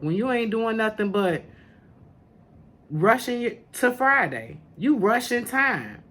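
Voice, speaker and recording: A woman's voice: a little high, lively intonation, unhurried, fairly bright tone. A woman hosting a spiritual podcast in casual talk to camera, sassy and familiar, calling listeners honey and baby. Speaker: podcast host, spiritual teacher.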